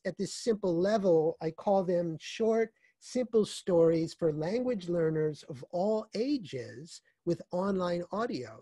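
A man speaking as an author guest in a conversational interview, with a warm, mellow tone. He explains things in a measured way and often circles back to restart a phrase. The recording is dry and close, with little room sound. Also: high voice, no room sound.

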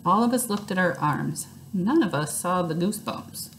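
A woman reading a children's book aloud in lively first-person storytelling. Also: fairly low pitch, normal speed, hardly any pauses, slight background noise.

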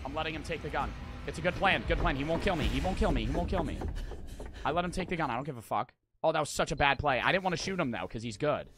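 A young man streaming a video game, swearing and yelling at the screen in loose commentary. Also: fairly high pitch, lively intonation, fast talker, over loud music. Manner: loud, swearing, yells at the screen. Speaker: gaming streamer. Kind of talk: let's-play commentary.

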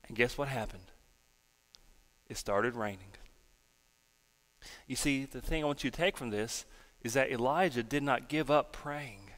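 A man's voice: mid-range voice, measured pace, pauses often, big-room sound. A male pastor giving a folksy children's sermon and prayer in a church sanctuary. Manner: animated storytelling, folksy.

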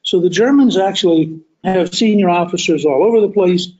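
A man hosting a podcast, telling a history story as a deliberate, emphatic monologue that stretches key words. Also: high voice, darkish tone, muffled recording. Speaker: podcast host.

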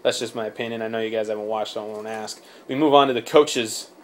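A man's voice: fairly low pitch, steady tone, fast. A man hosting a casual sports podcast, rambling with many fillers, swearing and laughing often. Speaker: podcast host. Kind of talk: casual chat.

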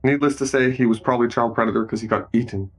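A man with a mid-range, slightly breathy voice races through a film scene by scene. As a movie recap narrator, he improvises casually, cracking jokes and adding commentary along the way.

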